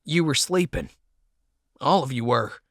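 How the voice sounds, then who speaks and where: A man doing a raspy, bitter Southern man. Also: medium pitch, expressive, a bit bright, no room sound, clean studio sound. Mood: brooding. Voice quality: raspy, croaking. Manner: slow, brooding, accusing.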